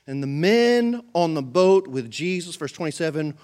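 A man preaching a sermon as pastor, telling the story with animated energy and bursts of shouting. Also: fairly high pitch, normal speed, clear, resonant tone.

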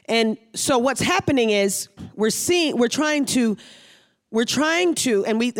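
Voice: medium pitch, lively intonation. Emphatic repeating pastor preaching. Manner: reads scripture aloud, pauses to explain. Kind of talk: sermon.

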